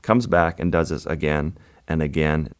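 Man, very low voice, measured storyteller, interview guest. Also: smooth. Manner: measured, vivid recounting. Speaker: guest photographer.

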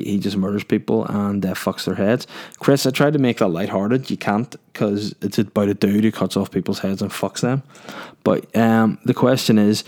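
A young man with a lowish, slightly mellow voice hosts a podcast, rambling through crude stories and cracking jokes along the way.

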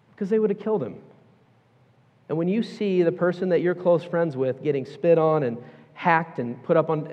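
A man preaching in an echoey church auditorium, his voice sitting a little high for a man. He talks emphatically yet conversationally, dropping casual asides. The sound is slightly dull and muffled. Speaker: pastor. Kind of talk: sermon.

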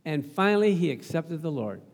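A man's voice: a little high, sing-song, fairly quick, gravelly, long reverb tail, a little hiss or hum. A middle-aged male pastor preaching a sermon, telling a family story and calling out for amens. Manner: storytelling, acts out quoted voices, calls for amens.

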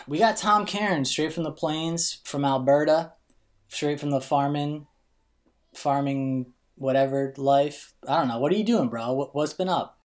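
A man's voice: a little high, unhurried. A man hosting a podcast, chatting in a loose, bro-ish way and swearing freely over a remote call. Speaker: podcast host. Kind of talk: casual chat.

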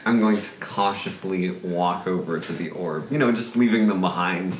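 A man playing in a tabletop game, talking playfully about his character's actions. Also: low-pitched. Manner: slow, animated, playful. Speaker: player. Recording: echoey room with faint background noise.

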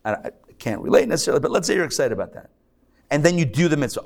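A man who is a rabbi, giving a lively live sermon to a congregation, joking and acting out mock quotes in between his points. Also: a little high, fast talker, vocal fry. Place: synagogue hall.

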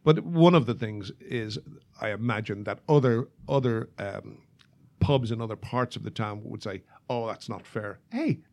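A man's voice: fairly low pitch, normal speed, a little mellow. A male guest in casual panel chat, talking enthusiastically.

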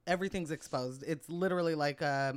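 A woman's voice: deep voice, a little fast. A young woman from Portland telling a vivid story on a podcast, often laughing as she goes. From Portland, Oregon. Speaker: podcast co-host. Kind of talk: casual storytelling chat.

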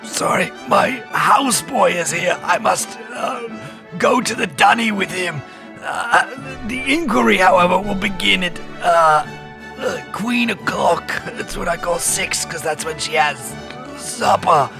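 A man's voice: high voice, animated, unhurried, gravelly, over music, pitched above the performer's own voice, exaggerated voice. A man voicing a pompous upper-class British man in a put-on British accent, drawling and haughty.

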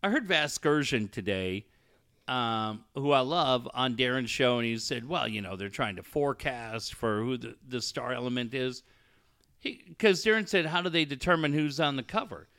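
A man with a bright, forceful voice tells stories in casual podcast chat, his pitch swinging widely as he acts out the people he quotes. He swears freely, and the sound is dry and close. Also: expressive, normal speed, smooth, no echo. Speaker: podcast co-host.

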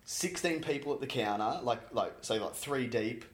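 A man's voice: mid-range voice, animated, normal speed. Rambling Australian man in an echoey room. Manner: rambling storyteller, full of swearing and acted-out customer voices. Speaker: podcast co-host. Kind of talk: casual chat. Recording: echoey room, faint noise.

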